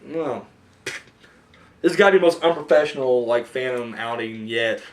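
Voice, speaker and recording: A man's voice: mid-range voice, moderate pace. A young man hosting a casual movie podcast, rambling and profane, acting out little scenes as he talks. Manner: rambling, profane, animated storytelling. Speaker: podcast host. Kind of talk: casual chat.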